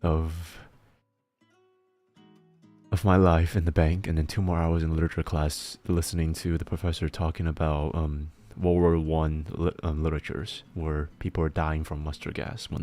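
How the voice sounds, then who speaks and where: Casual chatting streamer, very deep male voice, rambly and laughing, faint music behind. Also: level tone, normal speed, mellow. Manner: rambling, laughs often, restarts words. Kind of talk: casual chat while working.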